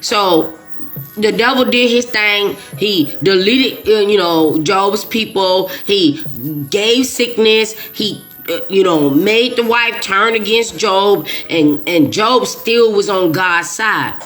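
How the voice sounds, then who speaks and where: A woman's voice: medium pitch, slow pace, a bit bright, soft background music. A woman talking straight to her viewers in a casual monologue. She is emphatic and repeats herself often, with frequent restarts. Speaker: video creator.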